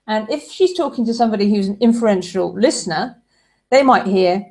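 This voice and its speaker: A woman's voice: medium pitch, expressive, brisk, a little mellow. A woman giving a relationship advice talk, explaining ideas through everyday examples.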